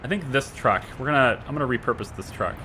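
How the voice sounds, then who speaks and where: Against a noisy background, a Scottish streamer rattles through live commentary at a fast clip in a mid-range voice. He ponders aloud and addresses both his audience and the little workers on screen.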